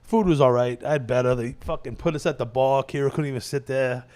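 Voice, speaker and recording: A man's voice: mid-range voice, brisk, a little mellow. A man, a comedian hosting his own show, telling rambling profane stories in a tired, casual monologue and laughing at himself. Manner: profane, digressive storytelling. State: tired, running on fumes.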